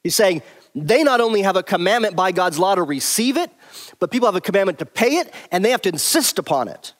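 A man's voice: high-pitched, expressive, quick pace. A man teaching through a Bible passage verse by verse, stressing and repeating his key points emphatically.

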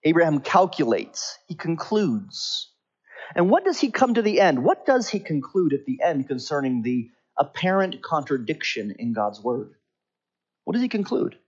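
A man preaching a sermon with slow, stressed phrases. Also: fairly high pitch, very animated, husky. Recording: slightly dull lo-fi recording.

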